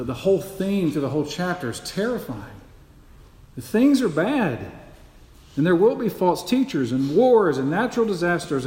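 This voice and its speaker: A man preaches with a fairly high voice, pressing each point and repeating key phrases as he puts rhetorical questions to the congregation. His words ring through a roomy church hall. The reverb trails long after each phrase. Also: darkish tone, a little hiss or hum. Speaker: pastor. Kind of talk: sermon.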